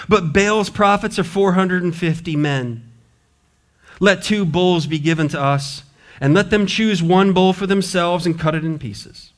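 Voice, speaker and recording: A man preaching a sermon as a pastor, lively and playful, swinging between loud emphasis and hushed asides. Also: sits high. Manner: animated, shifting between loud and hushed delivery. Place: church.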